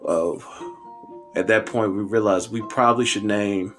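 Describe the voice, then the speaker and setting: A man in his thirties telling a funny personal story on a podcast, animated and conversational. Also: lowish voice, normal speed, over music.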